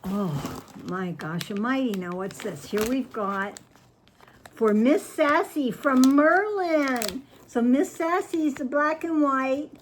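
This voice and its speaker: A woman vlogger opening fan mail on camera, gushing and excitable, chatting to her viewers and her cat and trailing off mid-sentence. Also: high-pitched, slow pace, a little hiss or hum. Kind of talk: casual chat to camera.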